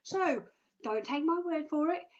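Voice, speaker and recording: A woman's voice: sits high, expressive, measured pace, highs cut off. A young Australian woman hosting a live stream in a bubbly, chatty way, with jokey asides. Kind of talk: upbeat live stream presenting.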